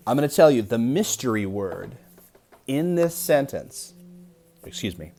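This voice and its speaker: A young adult man teaching an early-grade reading lesson, reading aloud slowly and deliberately to young children. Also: on the low side, expressive, mellow.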